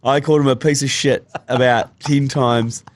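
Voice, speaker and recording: A man's voice: mid-range voice, fairly even intonation, moderate pace, dry recording. A man with a New Zealand accent, hosting a podcast and telling rambling, self-mocking stories while hungover. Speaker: podcast host. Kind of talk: casual banter.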